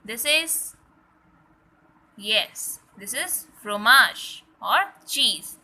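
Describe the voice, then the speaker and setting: Slow bright-voiced woman teaching vocabulary. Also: on the high side, expressive, poor audio. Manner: slow, repeats words for the viewer to say along. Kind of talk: French vocabulary lesson.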